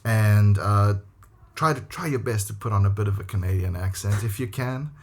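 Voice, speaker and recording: A man's voice: lowish voice, normal speed, slight background noise. A man from South Africa with a South African accent, a guest chatting casually, laughing often and swearing freely. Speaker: guest, English teacher. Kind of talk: casual conversation.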